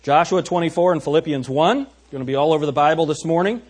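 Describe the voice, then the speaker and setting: Husky pastor preaching. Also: male voice, on the high side, fast talker, darkish tone. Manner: conversational, asks the congregation questions. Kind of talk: sermon. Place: church sanctuary.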